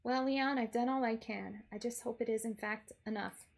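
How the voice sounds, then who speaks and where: A woman's voice: on the high side, steady tone, normal speed, creaky. A woman voicing a sarcastic, wisecracking young woman held hostage in a game. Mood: wry. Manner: sarcastic, wry.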